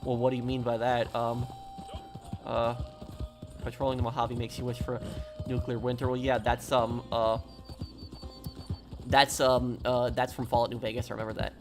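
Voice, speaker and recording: A man's voice: medium pitch, flat delivery, moderate pace, pauses often, music in the background. A man streaming a game, chatting casually, reading chat aloud and rambling with many fillers.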